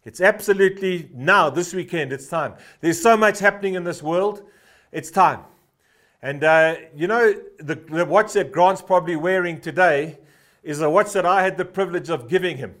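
A man in his fifties delivers a fervent sermon in a fairly high voice. He tells personal stories loosely, full of "uh" fillers, then drives his point home by repeating one short phrase again and again. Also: normal speed, fairly bright tone. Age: 50s. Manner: storytelling with frequent "uh" fillers. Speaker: pastor.

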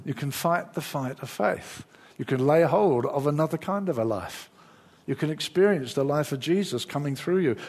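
Husky-voiced man preaching a sermon. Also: on the high side. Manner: lively preaching, acts out inner voices.

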